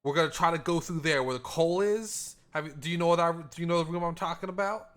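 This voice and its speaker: A man speaking in character as a player in a tabletop game, giving hushed, urgent reassurance with frequent restarts. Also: on the high side, fast talker. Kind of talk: in-character tabletop role-play.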